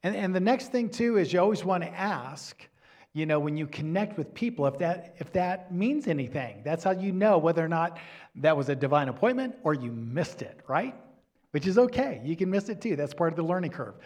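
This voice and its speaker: A man preaching a sermon to a congregation in an earnest way, at times dropping to a soft near-whisper for emphasis. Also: fairly high pitch, animated, brisk. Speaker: pastor.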